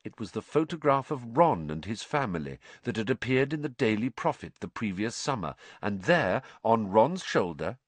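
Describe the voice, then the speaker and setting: Expressive male audiobook narrator. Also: lowish voice, normal speed, few pauses, no echo. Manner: expressive reading. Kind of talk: scripted narration.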